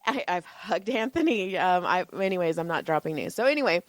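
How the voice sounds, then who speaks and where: A woman co-hosting a podcast who tells stories in a casual, animated way, laughing often and swearing freely. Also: lowish voice, moderate pace, no echo. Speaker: podcast co-host. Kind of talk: casual chat.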